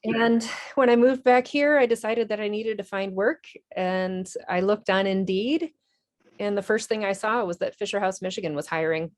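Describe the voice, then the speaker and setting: A woman's voice: medium pitch, steady tone, moderate pace. A woman, an Army veteran and nonprofit director, telling her story in a TV interview in an earnest, candid way with small restarts.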